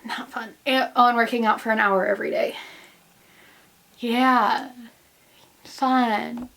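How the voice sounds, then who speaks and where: A young American woman in her twenties, a grad student and vlogger, chats casually to the camera while at home in quarantine. Her voice is fairly high, steady, fast, gravelly and fairly bright as she rambles, acts goofy and jokes about herself.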